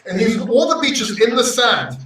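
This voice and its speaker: A Greek man hosting a crypto livestream, talking to chat in an emotional, brash way, swearing and swinging between loud and quiet. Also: very high voice, sing-song, moderate pace, distant mic, a little hiss or hum. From Greece. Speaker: crypto YouTuber reading live chat. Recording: roomy echo, off-mic sound.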